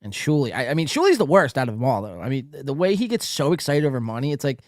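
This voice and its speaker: Animateur de podcast à la voix mobile, moqueur et grossier. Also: male voice, mid-range voice, fast, no echo, studio quality. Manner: profane, mocking, animated. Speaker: podcast host. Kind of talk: crude casual commentary.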